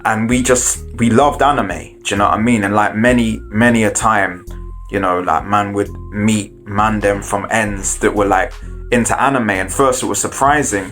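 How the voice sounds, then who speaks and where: A man's voice: lowish voice, steady tone, moderate pace, a bit bright, faint music behind. A man, co-founder of an anime platform, talking casually and full of slang and "you know what I mean". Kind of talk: casual chat.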